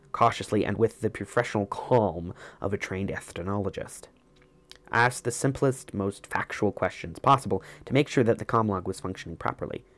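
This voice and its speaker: A man reading a first-person story as an audiobook narrator, in a measured, reflective way. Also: fairly low pitch, no echo.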